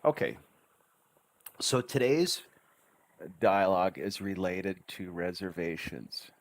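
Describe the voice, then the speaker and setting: Man, English tutor, very low voice, dry close sound, chatty, encouraging, slow syllable drills. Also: animated, no echo. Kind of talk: livestream language lesson.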